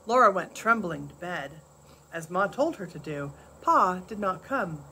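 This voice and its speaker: An older woman, a grandmother, reading a storybook chapter aloud in a soft, measured way. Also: lowish voice, lively intonation, slight background noise.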